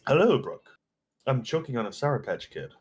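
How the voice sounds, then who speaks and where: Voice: mid-range voice, very animated, moderate pace, darkish tone, slightly rough. A live-stream gamer joking crudely and riffing with friends. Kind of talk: casual gaming chat.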